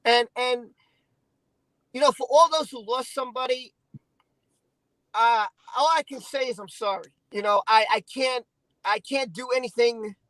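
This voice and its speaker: A man hosting a casual stream, venting in an emotional, halting, repetitive way. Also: very high-pitched, sharp tone, no room sound, low-quality recording. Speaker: channel host.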